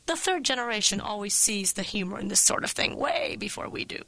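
A woman narrating a comic personal story with a wry, vivid, expressive delivery on a close studio mic. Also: medium pitch, brisk, gravelly, no room sound, poor audio.

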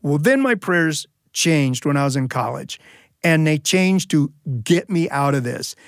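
A man's voice: fairly high pitch, a little slow, vocal fry, no echo, clean studio sound. A man telling a humorous personal story as a storyteller, acting out the voices of people in it. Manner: humorous, animated delivery with acted-out quotes. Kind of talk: live storytelling performance.

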